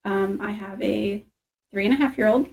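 A young woman from Northeast Ohio, a youth ministry guest, chatting casually and modestly with easy laughs and halting pauses. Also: mid-range voice, creaky, darkish tone. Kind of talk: casual chat.

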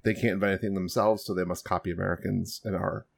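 A man on a casual podcast with a low, gravelly voice. He delivers sarcastic, deadpan jokes in a dry, offhand way. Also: quick pace. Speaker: podcast co-host. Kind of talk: casual chat.

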